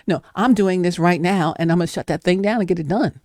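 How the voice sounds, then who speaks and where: A woman's voice: lowish voice, fast, darkish tone, no echo, clean studio sound. A woman giving an emphatic, preacher-like faith talk, acting out doubting voices. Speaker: guest speaker.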